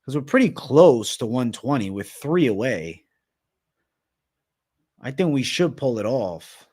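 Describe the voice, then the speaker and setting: A man's voice: mid-range voice, very animated, measured pace, darkish tone, slightly rough. A young man from Massachusetts hosting a livestream, chatting loosely and swearing constantly while reading viewer comments aloud. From Massachusetts, USA. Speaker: livestream host.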